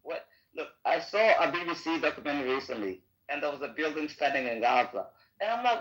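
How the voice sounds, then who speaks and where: A man whose voice sits a little higher than most men's. He rants emphatically in a casual voice chat, swearing often and repeating the same phrases. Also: sing-song, a little fast, fairly bright tone, low-quality recording. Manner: profane, repetitive, emphatic. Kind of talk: heated casual rant.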